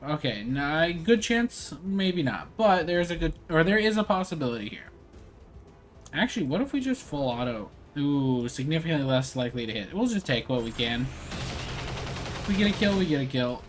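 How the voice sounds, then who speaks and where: A man's voice: fairly high pitch, very animated, normal speed, soft background music. Rambling young man playing a game. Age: young adult. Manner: rambling, lots of fillers and slang. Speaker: gameplay streamer. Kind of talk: casual gameplay commentary.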